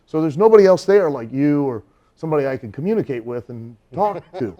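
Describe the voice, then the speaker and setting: A man in a studio interview, telling an anecdote in an animated way, laughing and acting out the people he quotes. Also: fairly high pitch, brisk, dull audio. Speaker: guest storyteller.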